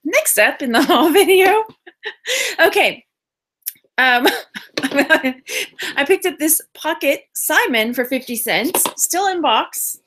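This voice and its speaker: A middle-aged Texan woman chats about her finds and laughs easily. Her voice sits high and sounds bright and lively. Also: slow pace. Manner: giggly, chatty. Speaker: reseller haul video host. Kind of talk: casual chat.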